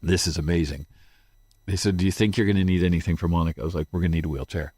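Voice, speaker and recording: A man with a very deep, low voice tells a painful story from his own life as an interview guest. He speaks haltingly and slips into quoting what he said at the time. The sound is close and dry, with no room around it. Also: fairly even intonation, darkish tone, husky, no room sound. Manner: halting, retells his own words in quotes. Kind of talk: emotional personal storytelling.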